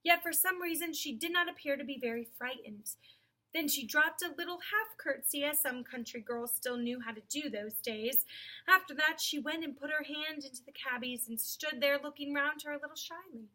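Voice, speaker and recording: Woman reader, high and bright, reading a children's novel aloud in an informal way. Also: moderate pace. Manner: unpolished, calls out page numbers. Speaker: audiobook reader.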